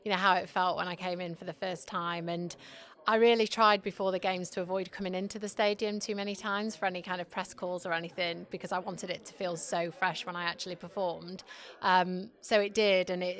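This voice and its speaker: A woman former athlete, a guest in a podcast interview, giving measured, thoughtful answers while in a stadium. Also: fairly low pitch, little pitch movement, gravelly, a bit bright.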